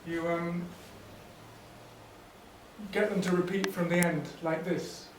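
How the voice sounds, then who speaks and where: A man leading a teacher workshop, explaining teaching ideas in a relaxed way with fillers and restarts. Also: sits high, slow, a little hiss or hum. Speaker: workshop trainer. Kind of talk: teacher training talk. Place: workshop room. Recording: echoey room, distant mic.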